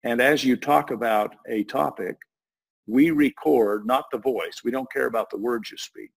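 A man's voice: medium pitch, normal speed, vocal fry, a little hiss or hum, rough recording. A man talking through an idea in a loose, rambling way, often restarting his sentences. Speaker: guest explaining a voice technology. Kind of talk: casual explanatory talk.

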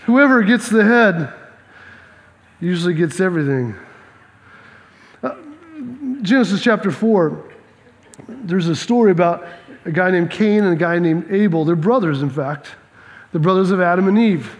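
A male pastor preaching an animated sermon, often repeating words and acting out dialogue. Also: sits high, moderate pace, long pauses. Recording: long reverb of a large hall.

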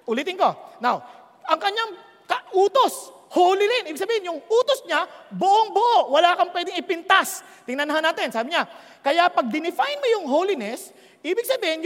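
A woman preaching a sermon, often checking that her listeners are following and slowing down to stress key words. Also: high voice. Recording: long hall reverb.

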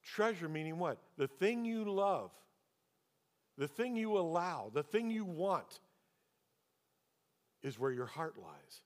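A man preaching as a pastor, telling a personal story and then pressing the congregation with rhetorical questions. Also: on the high side. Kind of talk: sermon. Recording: long hall reverb.

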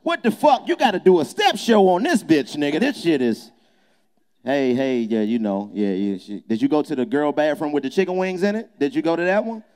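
A man's voice: a little high, expressive, fairly quick, darkish tone. A young adult man, a comedian, doing a boisterous, profane, teasing improvised roast inside a small nightclub.

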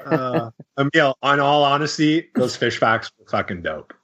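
A man's voice: medium pitch, expressive, moderate pace, a bit bright, highs cut off. A young man co-hosting a podcast, riffing on silly ideas with laughs and swearing. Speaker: podcast co-host. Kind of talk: casual chat. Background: hip hop beat.

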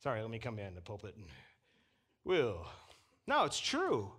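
A man preaching a sermon from the pulpit, animated and chuckling as he acts out the people he quotes. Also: fairly low pitch, normal speed, a little hiss or hum. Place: church pulpit.

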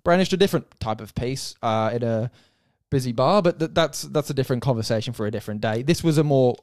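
A man's voice: mid-range voice, fast, a little mellow, no room sound, clean studio sound. A man co-hosting a sports podcast, ranting and swearing with exasperation. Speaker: podcast co-host. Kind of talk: casual sports podcast chat.

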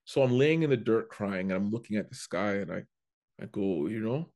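Animated man telling a story. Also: lowish voice, brisk. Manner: animated, repeats and restarts while telling. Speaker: comedian guest. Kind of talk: casual storytelling.

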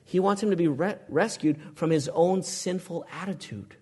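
A man's voice: sits high, normal speed, warm tone, husky. A male pastor preaching a sermon, asking the congregation questions and pressing his points with emphasis.

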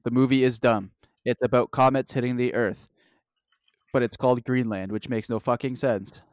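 A man talks in a loose, rambling way, joking and swearing as he goes. His voice sits at a middle pitch. The sound is dry and close, with no room behind it. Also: fairly even intonation, moderate pace, dry recording. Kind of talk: casual chat.

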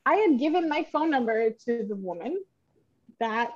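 Female podcast co-host, high register, lively profane storyteller; muffled lo-fi mic. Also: normal speed. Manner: animated, swearing, laughing, acts out voices in her story. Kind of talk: casual storytelling chat.

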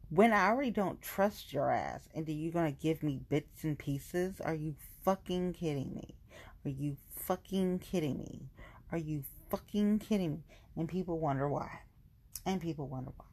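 A woman's voice: low-pitched, expressive, brisk, vocal fry, a little mellow. A woman in a casual venting monologue, blunt and profane, repeating lines for emphasis.

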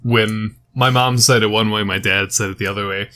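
A man's voice: lowish voice, steady tone, normal speed, sharp tone. A man who is a guest on a podcast, chatting casually, teasing and swearing. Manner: laid-back, swearing, teasing. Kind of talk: casual chat.

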